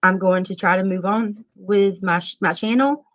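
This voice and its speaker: A woman's voice: medium pitch, moderate pace, no room sound. A woman talking earnestly on a livestream, hesitant and self-justifying. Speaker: streamer in a played clip. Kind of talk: livestream talk. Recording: dry, dull lo-fi stream clip.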